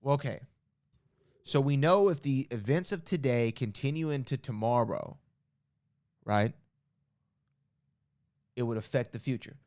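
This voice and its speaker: Smooth-voiced man hosting a chatty podcast. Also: medium pitch, a little slow, pauses often, darkish tone, dry recording, studio quality. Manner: reads aloud with chatty asides and self-corrections. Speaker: podcast host. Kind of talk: casual podcast reading trivia answers.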